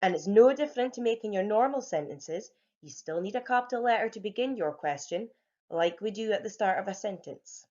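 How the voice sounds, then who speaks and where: A woman's voice: mid-range voice, lively intonation, fairly quick, mellow, lo-fi sound. A young woman, a primary teacher, patiently explaining grammar to young children at a whiteboard. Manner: clear, patient, encouraging classroom explaining. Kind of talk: home learning grammar lesson for young children.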